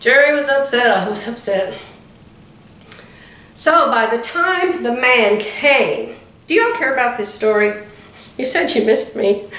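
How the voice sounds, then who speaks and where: A woman's voice: a little high, animated, measured pace, long pauses, a bit bright. Chatty older woman, echoey room. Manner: chatty, laughs often while telling a story. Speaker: vlogger. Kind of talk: casual storytelling. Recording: roomy echo.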